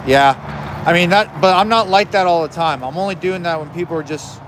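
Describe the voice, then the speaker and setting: A man with a somewhat high voice hosts a casual outdoor livestream, talking bluntly and swearing freely as he answers viewers. Street and traffic noise comes through clearly behind him. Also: fairly quick, a bit bright. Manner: blunt and profane, chatty with viewers. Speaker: livestream host. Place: outdoors by a smoker.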